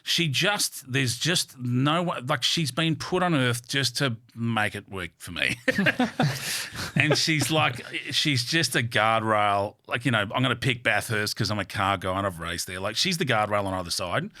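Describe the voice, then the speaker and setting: Blunt, bright-voiced Australian man. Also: medium pitch, measured pace, no room sound, studio quality. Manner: blunt, swears freely, animated with vivid metaphors. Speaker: guest. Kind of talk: candid storytelling in a podcast interview. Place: studio.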